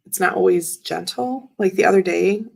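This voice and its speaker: Chatty gravelly-voiced woman. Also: mid-range voice, takes it slowly, rough recording. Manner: chatty and rambling, with many fillers and laughs. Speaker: tarot reader and livestream host. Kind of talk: casual chat while showing tarot cards.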